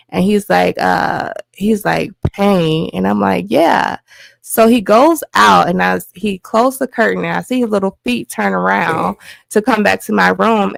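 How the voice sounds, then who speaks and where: The host's wife, on as a guest, gives an animated retelling of something that happened to her, performing the others' lines along the way. Her gravelly voice sits on the low side, and the recording is dry.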